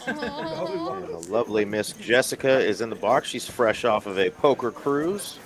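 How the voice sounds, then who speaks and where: A man's voice: mid-range voice, wildly swooping pitch, measured pace. A man in a mid-range voice trades playful, wry banter as co-commentator on a live poker broadcast. The chatter of a crowded card room carries behind him.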